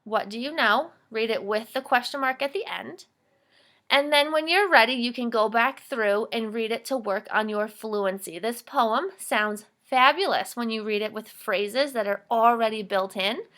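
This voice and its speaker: A woman teaching young children to read aloud, her voice bright and crisp. She talks clearly and warmly encourages the class, sitting a little above the usual pitch for a woman. She slows down to model each line with lots of expression. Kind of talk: reading fluency lesson for children.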